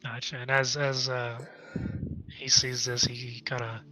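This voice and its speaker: A man playing a tabletop role-playing game, talking casually and halting as he thinks aloud. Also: mid-range voice, flat delivery, pushed and bright. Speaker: player.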